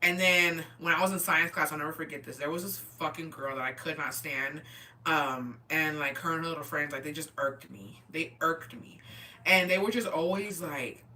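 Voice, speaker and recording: Profane bright-voiced woman telling stories. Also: low-pitched, normal speed, far from the mic. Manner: profane, animated, reacting to chat. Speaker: streamer reading chat. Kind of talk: casual storytelling chat.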